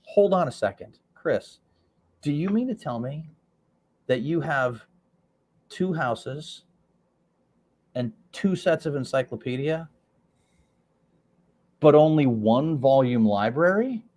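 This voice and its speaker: A slick male book salesman, as a man puts him on, leaning in with a coaxing, mock-innocent patter. His voice sits a little high and keeps bright and lively. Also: takes it slowly, pauses often. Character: smooth, persuasive male door-to-door book salesman.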